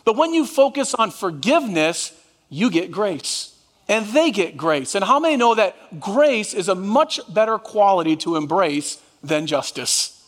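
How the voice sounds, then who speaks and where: A man's voice: high-pitched, very animated, a little slow, long reverb tail. A man preaching a sermon as pastor, drawing the congregation into call and response. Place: church sanctuary.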